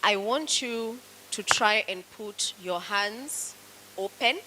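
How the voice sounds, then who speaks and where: A woman's voice: mid-range voice, sharp tone, a little hiss or hum, poor audio. A woman with a Kenyan accent, teaching a public speaking class and coaching students through exercises in an encouraging way. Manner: slow, coaching, encouraging commands. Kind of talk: classroom instruction.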